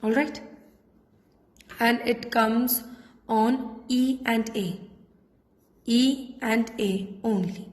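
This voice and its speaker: A woman teacher with an Indian English accent, giving a patient classroom lesson and repeating points slowly. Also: fairly high pitch, darkish tone. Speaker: French teacher. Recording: echoey room with long reverb.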